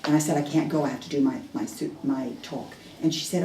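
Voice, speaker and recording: A woman's voice: low-pitched, fairly even intonation, a little fast, mellow, slight background noise. A woman giving a dharma talk, telling a personal story in a candid, self-deprecating way, with hesitant restarts. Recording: echoey room heard from a distance.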